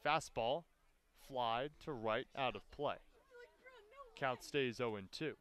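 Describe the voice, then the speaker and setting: Give me a man calling baseball play-by-play with a smooth, resonant voice that jumps up on big hits. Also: slow pace, long pauses, a bit bright. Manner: rises sharply in pitch and volume on big plays. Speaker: play-by-play announcer. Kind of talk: live baseball play-by-play commentary.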